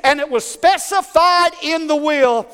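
A man voicing an insistent male auctioneer calling for bids, with brisk, coaxing patter. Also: very high voice, a bit bright, voice pushed up. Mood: solemn. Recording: long hall reverb.

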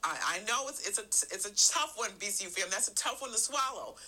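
A middle-aged woman giving an earnest sermon, stressing her phrases and stretching some words out slowly. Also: medium pitch, expressive, sharp tone, poor audio. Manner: earnest, emphatic, drawn-out phrases. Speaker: church speaker.

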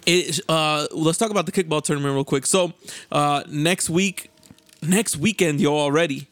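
Here a man with a somewhat high voice hosts a casual group chat, animated and quick to joke, and he swears freely. The sound is close and dry, with little room. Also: no echo. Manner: profane, animated and joking. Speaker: podcast host.

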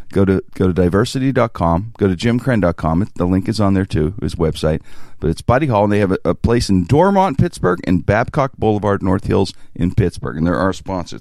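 Male podcast host, gravelly and lively in pitch, dry close sound, laughing storyteller. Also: no echo. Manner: animated, laughs often, loose and profane. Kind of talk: casual comedy podcast chat and storytelling.

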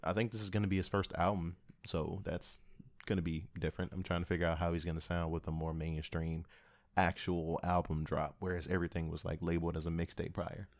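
A man with a lowish voice chats casually on a podcast, laid-back and swearing freely. He jokes loosely with his co-host. The recording is close and dry. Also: little pitch movement, brisk, dry recording. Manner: laid-back, profane, joking. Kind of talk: casual chat.

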